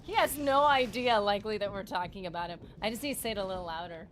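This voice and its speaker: A woman's voice: mid-range voice, fast, slight background noise. A woman livestreaming a video game, chatting with her viewers in a giggly, rambling and playful way, teasing them and her partner. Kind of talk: casual gaming livestream chat.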